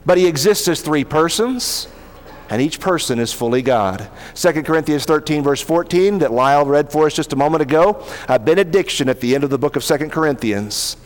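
A man's voice: a little high, animated. Man preaching in a reverberant hall. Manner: earnest preaching, reading scripture with slow emphatic stresses. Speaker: pastor. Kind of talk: sermon.

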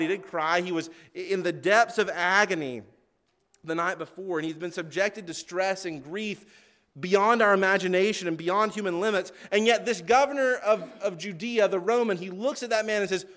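A man with a high voice preaching a sermon. He speaks earnestly and emphatically, slowing down to stress his key words. He reads scripture aloud as he goes. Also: a bit bright.

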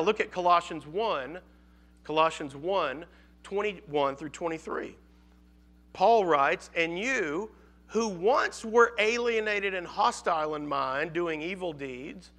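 A male pastor preaching with a high, bright voice that rings with energy. He stresses his points, repeats words as he builds up, and keeps asking his listeners questions. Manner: emphatic, asks the congregation questions, repeats words. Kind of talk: sermon.

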